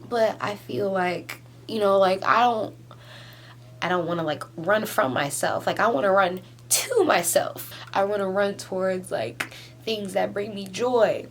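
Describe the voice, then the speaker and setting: A young woman in her twenties crying softly through a rambling confessional vlog at home, filling every pause with "like" and breaking into teary laughs. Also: medium pitch, soft background music. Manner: rambling, heavy use of "like", tearful laughs. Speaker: vlogger. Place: at home doing a face mask.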